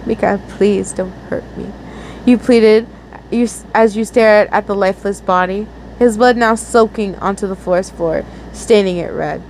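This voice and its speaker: A woman's voice: mid-range voice, normal speed, a little mellow, a little hiss or hum, low-quality recording. A young woman earnestly reading a romantic fan story aloud, often stumbling and restarting words. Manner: earnest, with frequent slips and restarts. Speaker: fanfiction reader.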